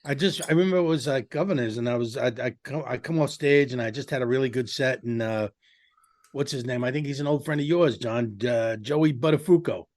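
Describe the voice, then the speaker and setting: A male comedian telling a quick club story and tossing in wry jokes during a podcast chat. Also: mid-range voice, a little mellow. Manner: wry, joking asides.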